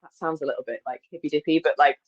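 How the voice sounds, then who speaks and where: Candid woman guest, lower voice, muffled lo-fi call audio, chatty and open. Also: racing. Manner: open, animated, frequent self-corrections and laughs. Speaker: guest, embodiment coach. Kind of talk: candid conversational storytelling. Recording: slightly dull, lo-fi audio.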